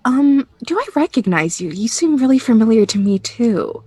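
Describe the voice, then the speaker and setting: A woman playing a tabletop role-playing game, gentle and soft-spoken, often talking in character. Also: a little high, big pitch swings, moderate pace, slightly rough. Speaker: player.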